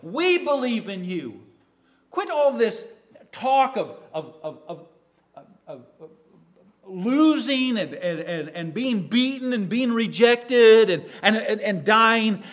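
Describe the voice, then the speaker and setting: A man's voice: very high voice, sing-song, measured pace, a bit bright, full character voice. A man preaching, putting on the voice of a loyal male disciple who pleads and stammers. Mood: pleading. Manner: stammering, insistent.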